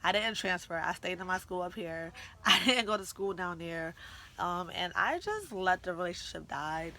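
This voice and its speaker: A young woman telling a story in a casual vlog, animated, slangy and full of swearing. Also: fairly low pitch, normal speed. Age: young adult. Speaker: vlogger.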